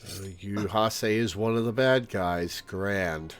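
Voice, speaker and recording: A man's voice: fairly low pitch, slow, clear, resonant tone, soft background music. A man streaming a video game, reacting with jokes and swearing in casual commentary. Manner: animated, swearing, joking reactions.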